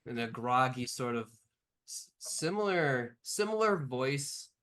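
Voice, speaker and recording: A man's voice: mid-range voice, lively intonation, takes it slowly, fairly bright tone. A man running a tabletop game as game master, narrating loosely with lots of fillers.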